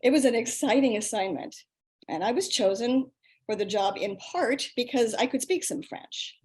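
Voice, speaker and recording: An older woman with a somewhat high voice reads her own story aloud. She tells it in a lively, self-mocking way. The sound comes through a video call. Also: normal speed. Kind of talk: reading a personal story aloud.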